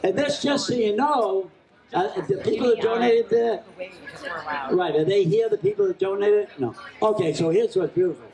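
Auctioneer, male, high-pitched, quick joking bid-caller, crowd noise around him. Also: sing-song, creaky. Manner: joking, rapid bid-calling chant. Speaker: charity auctioneer. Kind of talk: live charity auction calling. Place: event hall at a charity gala. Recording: echoey hall with crowd. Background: crowd laughing and chatting.

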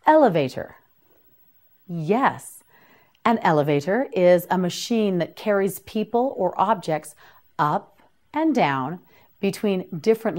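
A woman leads a scripted vocabulary lesson for beginners, sounding each word out with patient, deliberate care. Her voice sits a little low, and she moves at an unhurried, drawn-out pace. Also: a little mellow. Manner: slow, careful, repeats each word for learners to echo. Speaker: English teacher.

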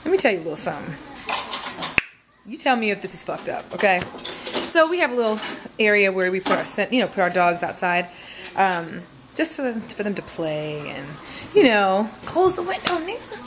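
A woman's voice: mid-range voice, lively intonation, normal speed, background noise. A woman telling a rambling, profane story in a casual vlog at home, talking straight to the camera. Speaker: vlogger. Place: home room.

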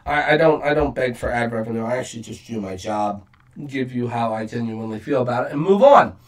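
A man's voice: medium pitch, lively intonation, fairly quick, recorded from a distance. A man hosting a casual reaction video, talking bluntly and profanely with frequent fillers.

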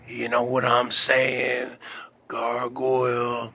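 A man hosting his own channel, delivering a slow, boastful, taunting monologue aimed at a viewer and now and then dropping into a breathy whisper. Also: mid-range voice, fairly even intonation, bright, forceful tone. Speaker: channel host.

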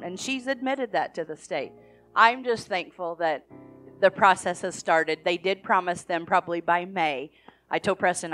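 Middle-aged woman at church, foster mom telling her story, chatty, keeps quoting what people said. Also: fairly low pitch. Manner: chatty, retelling conversations with quick quoted asides. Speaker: foster parent sharing a testimony. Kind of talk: church testimony to a congregation. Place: church service.

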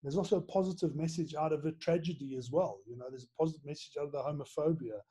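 A middle-aged man, a former headmaster and author, reflecting in an interview with many pauses and restarts. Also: a little high, mellow. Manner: halting, many restarts, earnest and emotional.

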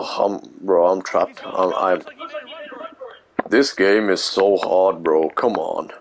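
A low-pitched man narrating his own gameplay in a panicky rush, repeating the same short phrases again and again. He sinks to a hushed mutter when he sneaks. A steady hiss of noise sits under his voice. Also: slow pace. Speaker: gamer playing a stealth game. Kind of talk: live gameplay commentary.

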